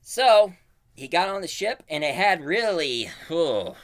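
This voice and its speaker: A man casually retelling a cartoon plot as a reviewer, with animated storytelling full of fillers. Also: on the high side, unhurried.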